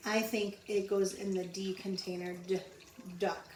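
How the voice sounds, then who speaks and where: A woman teaching a phonics lesson to young children, sounding out letters slowly and repeating each word. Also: mid-range voice, level tone, darkish tone. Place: home. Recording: roomy echo, mic at a distance, faint background noise.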